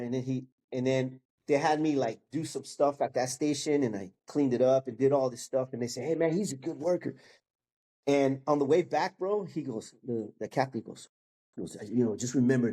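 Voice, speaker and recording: Sharing his testimony as a guest, a man in his fifties speaks briskly in a warm voice of medium pitch. He keeps it casual, playing out the characters in his story and sprinkling in "bro" and "man."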